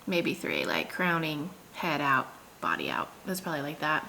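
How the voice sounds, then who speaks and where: Chatty thirties woman narrating her vlog, bright voice, laughs a lot, bit of noise behind. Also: low voice, big pitch swings, normal speed, gravelly. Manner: chatty, filler-heavy, laughs often. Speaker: vlogger. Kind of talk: casual storytelling narration.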